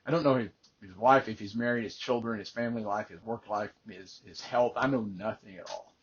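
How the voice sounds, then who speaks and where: A man's voice: lowish voice, fairly quick, dull audio, slight background noise. An older man, a life coach, earnestly telling a personal faith story and often repeating words as he starts a phrase.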